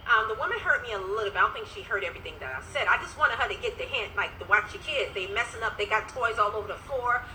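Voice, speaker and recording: A woman life coach chatting to viewers on a phone livestream, telling a story with lively energy and dropping in praise to God. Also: medium pitch, quick pace, hardly any pauses, a little hiss or hum, rough recording. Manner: animated storytelling with religious interjections. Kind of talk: casual livestream talk to viewers.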